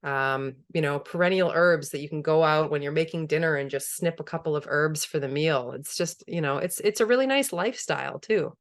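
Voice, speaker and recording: A woman's voice: low-pitched, fairly quick, few pauses. A woman presenting a webinar on a video call, conversational and enthusiastic, laughing easily as she explains. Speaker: permaculture presenter.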